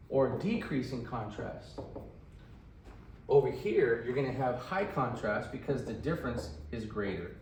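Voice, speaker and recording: A man's voice: mid-range voice, vocal fry, darkish tone, reverberant, far from the mic, slight background noise, poor audio. Chatty male radiography teacher. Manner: chatty, asks "right?" often. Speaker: radiography instructor. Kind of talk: casual classroom lecture.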